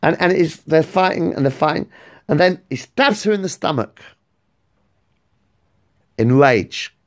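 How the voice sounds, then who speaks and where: A man telling a made-up story in a casual, rambling, excitable way, swearing freely. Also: sits high, normal speed. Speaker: vlogger.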